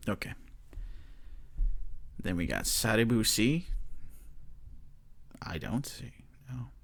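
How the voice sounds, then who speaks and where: A man's voice: on the low side, gravelly, fairly bright tone, husky. A man hosting a sports podcast, ranting casually, swearing often, laughing and trailing off mid-sentence. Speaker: podcast host. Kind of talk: casual profane rant.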